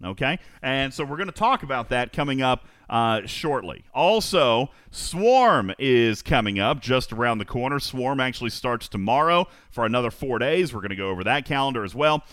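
A man hosting a live gaming podcast, energetic and emphatic, often repeating phrases for effect and talking directly to his co-host and listeners. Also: mid-range voice, normal speed, hardly any pauses, no room sound, clean studio sound.

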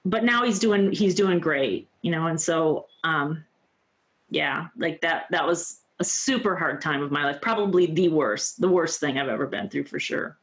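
A woman's voice: low voice, moderate pace. A woman in her fifties, a guest on an interview show, telling her own story in an earnest, heartfelt way with lots of "you know" and "like". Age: 50s. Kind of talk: candid personal storytelling.

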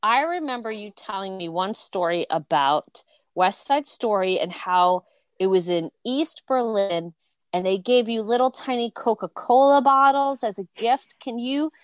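A woman's voice: medium pitch, animated, unhurried, dry recording. Enthusiastic woman podcast host, dry sound. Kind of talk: casual interview chat.

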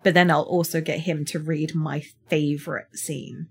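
A woman's voice: low-pitched, level tone, normal speed, slightly rough. A woman from Somerset with a British accent, co-hosting a casual book podcast and often laughing at herself. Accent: British English. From Somerset, England. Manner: self-mocking, laughs often. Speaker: podcast co-host. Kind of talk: casual chat.

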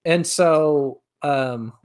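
A young man in casual chat who stops and restarts his sentences and trails off softly. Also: a little high, extremely slow.

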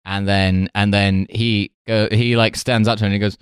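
A man hosting a comedy podcast, bantering quickly and laughing often. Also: lowish voice, little pitch movement, clear, resonant tone, no room sound, studio quality. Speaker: podcast host. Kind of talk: casual comedy chat.

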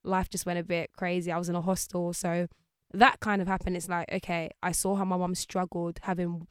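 A woman's voice: on the low side, a little fast, clear, resonant tone, no echo, clean studio sound. A woman, a guest chatting casually in an interview and acting out the people she quotes. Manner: lively, acts out voices of people she quotes.

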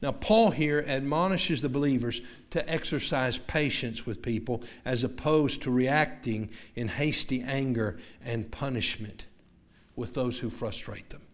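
A man's voice: mid-range voice, measured pace. A man from the American South preaching a sermon to his congregation, with a Southern accent, often restarting words and turning to the listeners with asides. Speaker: pastor.

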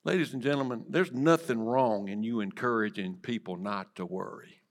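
Male pastor, mid-pitched, dynamic sermon delivery, drops to whispers for effect. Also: normal speed. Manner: dynamic preaching, swinging from loud emphasis to soft whispers. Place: church sanctuary.

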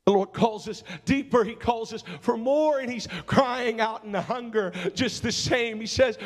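A very high-voiced man preaches at normal speed with few pauses, and the sound carries the size of a big room. Facing a congregation in a church sanctuary, he asks searching, pleading questions, then returns to his first words while shifting into an altar-call prayer.

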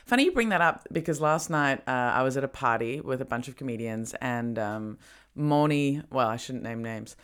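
Woman podcast host, lively swinging pitch, rambling and giggly, slightly drowsy. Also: normal speed, clean tone. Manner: rambling, giggly, many fillers. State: a bit spaced out and drowsy. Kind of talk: casual comedy podcast chat.

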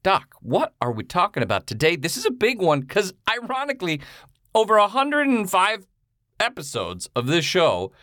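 A man co-hosts a casual podcast over a video call, and his pitch leaps all over the place as he rambles and jokes with excitable energy. The sound is dry and close, with no room around it. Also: normal speed, dry recording. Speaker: podcast co-host. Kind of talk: casual chat.

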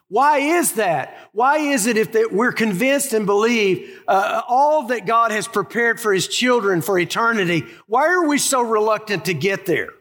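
A high-voiced male pastor with a fairly bright tone gives a sermon in a hall with a long echo. An emphatic storytelling preacher, he stretches out key phrases slowly, then hurries through light asides.

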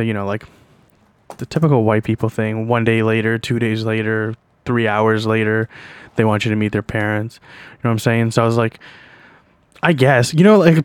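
A man's voice: medium pitch, no room sound. Young male podcast host, casual storyteller, crude and rambling, dry close sound. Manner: rambling, profane, laughs while telling.

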